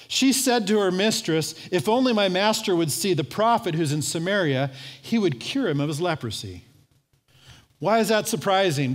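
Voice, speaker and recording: A man preaching a sermon as pastor, telling a story in a lively way and acting out the voices of its people. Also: fairly high pitch. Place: church sanctuary. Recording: long church hall reverb.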